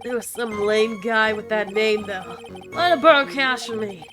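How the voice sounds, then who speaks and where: A woman's voice: fairly high pitch, moderate pace, close to an everyday voice. Woman voicing a male mobster, put-on Brooklyn accent, tough-guy slang, bullying, faint music behind. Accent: put-on Brooklyn, drifting southern. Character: gruff male mobster lobster, bullying and defiant. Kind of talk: voicing game text in a playthrough.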